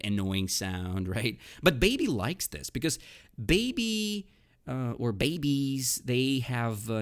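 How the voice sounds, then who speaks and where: A man hosting a casual vocabulary lesson podcast. He explains words slowly with many fillers and keeps checking in with "right?" and "okay?". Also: medium pitch. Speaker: English teacher, podcast host.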